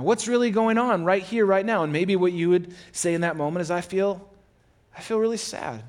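Man preaching a gentle, conversational sermon. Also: high voice, normal speed. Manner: conversational, acts out the listener's inner thoughts in quotes; gentle, encouraging. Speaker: pastor.

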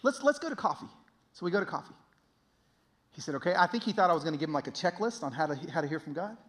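A middle-aged man preaching a sermon, telling a story in an animated, conversational, self-deprecating way. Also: on the high side, racing.

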